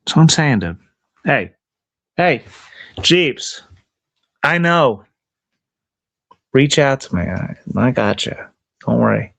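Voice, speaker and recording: A man's voice: mid-range voice, expressive, slow pace, gravelly, pauses often, a bit bright. A man livestreaming outdoors in the cold, ranting angrily and profanely at his chat and at himself.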